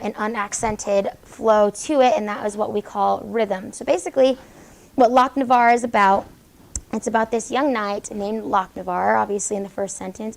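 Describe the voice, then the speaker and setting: A woman teaching a high school classroom lesson, her voice sitting a little high with a gravelly, creaky texture. She moves briskly through the material, praising answers and firing questions at the class. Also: rough recording. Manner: brisk, encouraging, questioning students.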